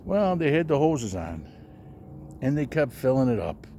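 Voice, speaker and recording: A man telling a casual anecdote, jumping his voice up high when he quotes the people in the story. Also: moderate pace, slight background noise. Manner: animated, raising his voice high for quoted characters.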